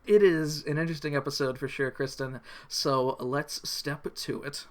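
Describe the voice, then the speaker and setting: A man's voice: fairly high pitch, fairly even intonation, moderate pace. A man co-hosting a podcast, recapping a cartoon in casual chat, wry and jokey with rambling asides. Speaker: podcast co-host.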